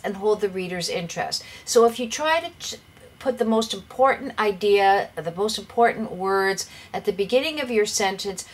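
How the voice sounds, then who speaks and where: A woman teaching English writing in a clear, measured lesson, giving direct advice to the viewer. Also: medium pitch. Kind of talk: lesson explaining writing tips.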